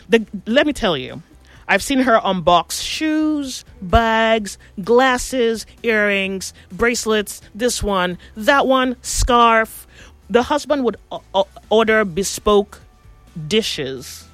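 Animated woman telling gossip stories. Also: on the high side, slow pace, no room sound, soft background music. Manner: animated gossipy storyteller, acts out quotes. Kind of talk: casual chat, storytelling.

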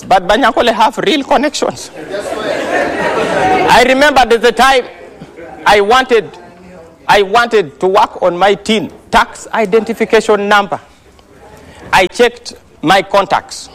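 A man with a Ugandan English accent doing stand-up comedy on stage, telling a story and teasing the audience directly. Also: sits high. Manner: teasing, addresses the crowd directly. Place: stage in front of a live audience. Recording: live show with crowd noise. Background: audience laughter.

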